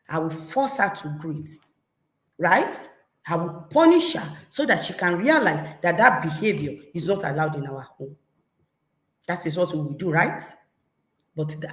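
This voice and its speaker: Animated Nigerian woman coaching parents. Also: mid-range voice. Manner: animated, acts out scolding parents. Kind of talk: parenting talk. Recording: echoey room.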